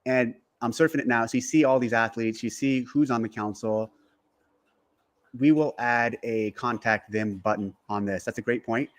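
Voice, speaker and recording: A man calmly explaining in a measured, reassuring way in a played clip. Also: mid-range voice. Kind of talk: casual explaining.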